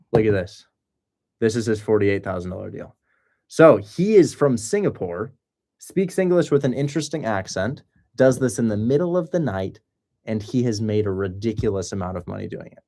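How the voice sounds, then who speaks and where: Low-voiced man hosting a casual stream. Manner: excitable and joking, breaks into loud mock accents. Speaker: host of a livestream on real estate wholesaling. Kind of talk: casual livestream talk.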